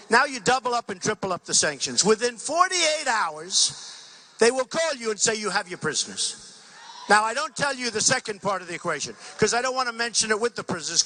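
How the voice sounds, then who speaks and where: A man's voice: very high-pitched, bright, forceful tone. A man giving a campaign rally speech at a podium mic, rambling and repeating himself, often acting out conversations. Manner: rambling and repetitive, acting out dialogues. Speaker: political candidate. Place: large rally venue.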